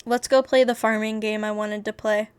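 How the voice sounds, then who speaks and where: A woman's voice: mid-range voice, level tone, normal speed, smooth, no room sound. A woman streaming games and chatting candidly, rambling and swearing freely. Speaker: VTuber streamer. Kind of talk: casual livestream chat.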